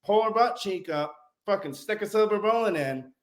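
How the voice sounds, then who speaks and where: A man in his forties, a podcast guest and former Navy corpsman, telling stories in an animated, profane, casual way. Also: sits high, moderate pace, reverberant. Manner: animated, heavy swearing, acts out quotes. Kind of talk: casual storytelling.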